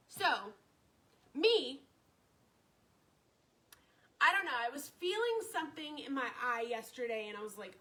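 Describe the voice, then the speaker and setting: High bright-voiced woman chatting. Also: big pitch swings, measured pace, pauses often, low-quality recording. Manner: chatty, repeats herself, greets viewers by name. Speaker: live-stream host. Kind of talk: casual live-stream storytelling.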